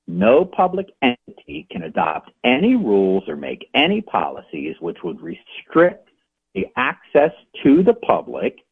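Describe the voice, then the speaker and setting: A man, an independent journalist, calling in to a radio show and telling his story in an animated, indignant way. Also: mid-range voice, slightly rough. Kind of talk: phone-in radio interview. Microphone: telephone. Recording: tinny phone line.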